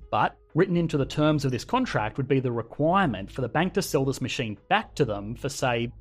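A man with an Australian accent, hosting a scripted finance explainer in a lively, conversational way. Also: medium pitch. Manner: lively, conversational, emphatic delivery. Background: faint background music.

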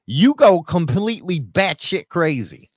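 A male host telling profane stories in casual chat and reacting to clips, with loud bursts. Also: fairly high pitch, big pitch swings, unhurried, breathy edge, no echo, studio quality. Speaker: podcast host.

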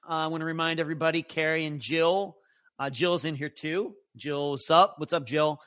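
A man's voice: fairly high pitch, fairly even intonation, normal speed, a bit bright, no echo. A man hosting a live true crime show, chatting casually and greeting viewers one by one. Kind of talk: casual livestream chat.

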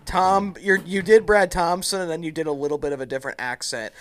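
A man's voice: a little high, steady tone, brisk. A man co-hosting a podcast, talking bluntly and swearing freely in casual chat. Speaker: podcast co-host.

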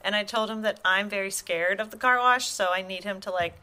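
A woman co-hosting a podcast, giggly, animated and earnest as she talks. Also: medium pitch, brisk, smooth. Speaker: podcast co-host. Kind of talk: casual podcast chat.

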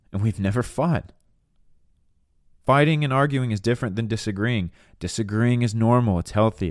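Deep-voiced earnest man, dry close sound. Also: dry recording. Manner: earnest, candid, conversational. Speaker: podcast host and minister. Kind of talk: casual teaching monologue.

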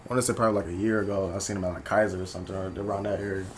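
A man's voice: low voice, rapid-fire, slight background noise. A man in his twenties from South Berkeley, talking casually as a podcast co-host, with loose slang and lots of "like" fillers. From South Berkeley, California. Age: 20s. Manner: relaxed slang-heavy, many "like" fillers. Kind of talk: casual chat.

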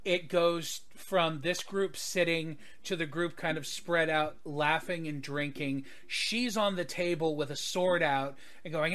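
A man's voice: a little high, measured pace, hardly any pauses, fairly bright tone, clean tone. A man narrating a tabletop game as game master, with rambling, hesitant delivery and plenty of fillers.

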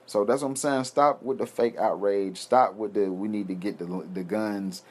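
Young man, heated profane rant, low voice, keeps repeating himself. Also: steady tone, moderate pace, darkish tone. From United States. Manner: profane, heated, repetitive ranting. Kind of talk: ranting monologue.

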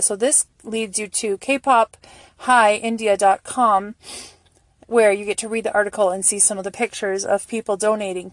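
A middle-aged woman and single mother giving a casual, emotional commentary as she reads fan charity posts aloud, gushing and slowing down to read. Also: medium pitch, no room sound.

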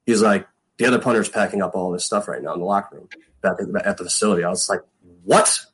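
Deep-voiced man telling stories. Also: racing, husky, rough recording. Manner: rambling, many fillers, acts out quotes. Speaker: guest, former pro football punter. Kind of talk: casual storytelling interview.

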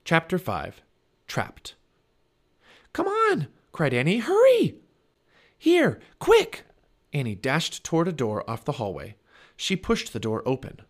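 A man reading a children's chapter book aloud, with expressive storybook narration. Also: lowish voice. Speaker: family podcast reader.

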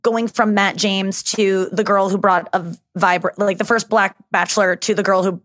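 Candid woman, mid pitch, rambling podcast storyteller. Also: level tone, moderate pace, fairly bright tone, no room sound, clean studio sound. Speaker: guest, show host. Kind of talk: casual podcast chat.

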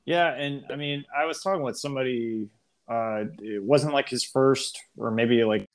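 Young dude just chatting, laid back, laughs along, mid voice. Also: male voice, medium pitch, normal speed, clean tone. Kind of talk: casual chat.

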